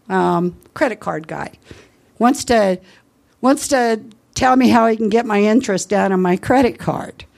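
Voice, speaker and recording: A woman's voice: medium pitch, creaky. Earnest woman sharing faith stories. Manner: earnest, lively storyteller. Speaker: Christian speaker sharing evangelism testimony. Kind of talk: informal faith talk with personal stories.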